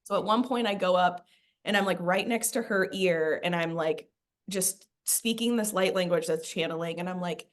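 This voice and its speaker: A woman's voice: on the low side, normal speed. Woman rambling through a spiritual story. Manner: rambling storyteller, heavy "like" fillers. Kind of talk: casual spiritual podcast chat.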